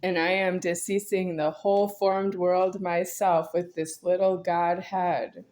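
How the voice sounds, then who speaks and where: Speaking in a fairly low, darkish voice with a flat, unhurried delivery, this woman in her 40s addresses her viewers. Her spiritual monologue rambles and turns confrontational as the vlogger intensely repeats herself.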